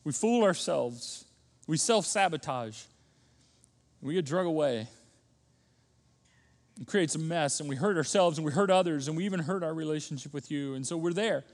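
A man preaching a sermon as pastor, talking emphatically with frequent restarts and sudden loud bursts. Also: on the high side, animated, normal speed, pauses often. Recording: long reverb of a large hall.

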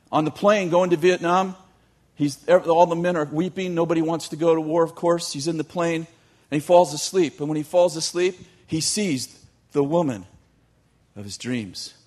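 Animated man telling a story to a crowd. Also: a little high, moderate pace. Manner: animated, joking asides to the audience. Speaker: youth teacher. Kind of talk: storytelling sermon.

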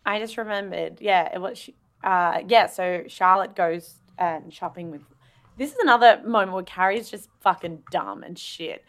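Young Australian woman, podcast co-host, lively casual chat. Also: lowish voice, normal speed. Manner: animated, acts out quotes from the show.

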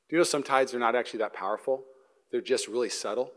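A young man preaching a sermon, telling a story with acted-out voices and laughs, then dropping to a soft, low, earnest voice for the serious points. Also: fast. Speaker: pastor. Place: church auditorium.

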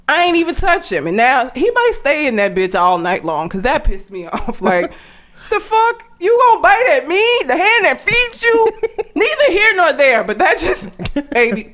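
A woman's voice: sits high, fairly bright tone. A young woman chatting casually on a podcast, ranting and laughing, swearing freely. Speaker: podcast co-host. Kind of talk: casual chat.

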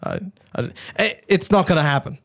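A man's voice: fairly high pitch, wildly swooping pitch, moderate pace, vocal fry, fairly bright tone, no echo, clean studio sound. A man hosting a casual podcast, rambling and joking with plenty of swearing. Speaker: podcast host.

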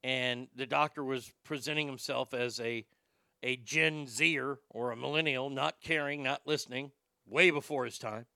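A man telling a stand-up story, animated and profane, acting out the lines of the people in it. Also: mid-range voice, normal speed, vocal fry, clean tone, no room sound, clean studio sound. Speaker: stand-up comedian.

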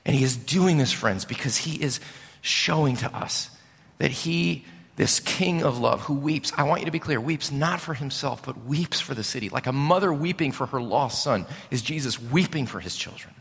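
A male preacher giving a sermon, telling the story with animated storytelling that swells and drops. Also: medium pitch, moderate pace, creaky, slightly rough. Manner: animated storytelling, rising and falling. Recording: long reverb of a large hall.

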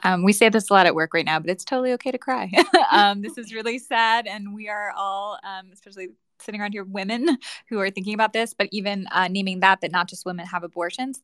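A woman panelist from an advocacy group, explaining ideas in a measured way with frequent fillers. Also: lowish voice, fairly bright tone, no room sound, studio quality. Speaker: panelist, advocacy organization staff. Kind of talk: panel discussion.

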